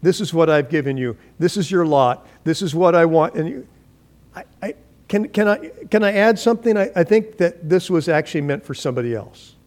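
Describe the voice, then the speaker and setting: A male pastor delivers a sermon with a slightly high-pitched voice. He reads scripture aloud and slips into acted voices for its figures, often restarting his words as he preaches. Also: brisk. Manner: animated preaching, acting out voices, frequent restarts.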